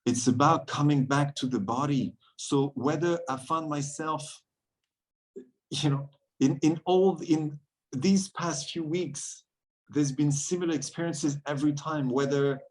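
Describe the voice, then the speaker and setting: A man's voice: on the high side, unhurried, poor audio. A man from France, a guest on a podcast, telling stories in an earnest, reflective way and often laughing between thoughts. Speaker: guest, men's circle facilitator.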